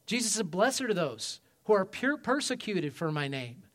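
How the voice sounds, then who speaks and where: A man preaching a sermon as pastor, emphatic, swinging from loud peaks to quiet low passages and calling for amens. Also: very animated, moderate pace. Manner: asks the congregation for amens.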